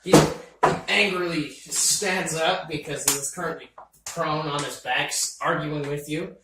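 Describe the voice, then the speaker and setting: A man's voice: a little high, steady tone, measured pace. A man narrating as game master of a tabletop game, rambling and laughing with lots of fillers. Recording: roomy, distant mic with faint noise.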